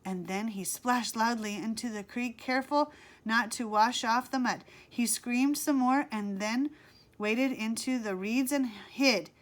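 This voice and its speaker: An audiobook reader with a fairly high voice narrates a children's book aloud. Her storybook delivery is slow and expressive, in a classic read-aloud style.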